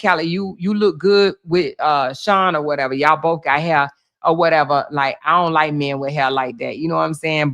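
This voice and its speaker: A woman with speech doing casual gossip commentary on a livestream, animated, laughing often, swearing freely and talking straight to her chat. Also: deep voice.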